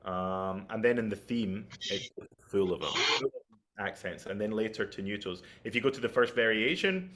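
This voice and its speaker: A man's voice: fairly low pitch, lively intonation, moderate pace, background noise. A man giving an online flute masterclass, explaining technique and checking in with his listeners as he goes. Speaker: flute teacher.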